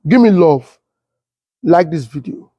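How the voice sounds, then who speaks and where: A middle-aged Nigerian political commentator with a high, husky voice tells his story slowly in strong Nigerian Pidgin English. Animated and casual, he repeats himself and asks his viewers questions directly. The recording is close, dry and muffled, with no room sound.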